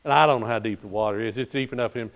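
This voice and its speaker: A man's voice: mid-range voice, very fast. Folksy preacher man telling a story. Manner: folksy storyteller, repeats "I'm telling you", swings from hushed to loud. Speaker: pastor. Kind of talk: sermon.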